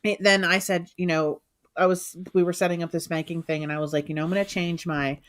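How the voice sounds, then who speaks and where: A woman's voice: lowish voice, fast. A woman co-hosting a live stream, telling anecdotes in a chatty way, with a Western Pennsylvania accent. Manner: chatty, animated when acting out others. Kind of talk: casual chat, storytelling.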